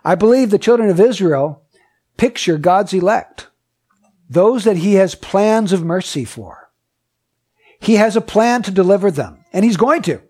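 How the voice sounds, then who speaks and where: A man's voice: high-pitched, animated, measured pace, warm tone, husky. A man preaching a sermon. He reads scripture aloud, asks the listeners many questions, and repeats his points with emphasis. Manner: emphatic and repetitive.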